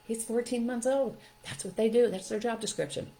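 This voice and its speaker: A woman's voice: on the high side, moderate pace. An older woman hosting a parenting show, telling stories to her listeners in a casual, emphatic way. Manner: storytelling, emphatic, expressive.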